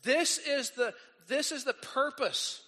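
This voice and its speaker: A man preaching a sermon as pastor, lively and acting out the people he quotes. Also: extremely high pitch, slow pace, in a large hall. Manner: animated, acts out quoted voices.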